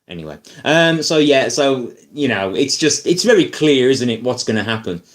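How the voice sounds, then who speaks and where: A man ranting casually about films as a YouTuber, rambling and animated, full of fillers and asides. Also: mid-range voice, normal speed. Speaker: YouTuber film reviewer. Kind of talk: casual opinion rant.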